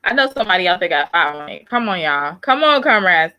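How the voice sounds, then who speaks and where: A woman's voice: fairly low pitch, big pitch swings, fast, pushed and bright, no room sound, highs cut off. A woman hosting a livestream, chatting casually and coaxing viewers to donate with slangy hype. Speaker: livestream host. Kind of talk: casual fundraising chat.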